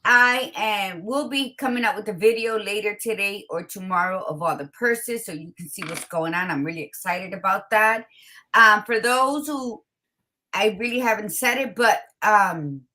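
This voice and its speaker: A woman hosting a casual talk show, blunt and expressive, with a tired morning voice, dropping in Spanish greetings. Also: medium pitch, moderate pace. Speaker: podcast host. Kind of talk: casual chat.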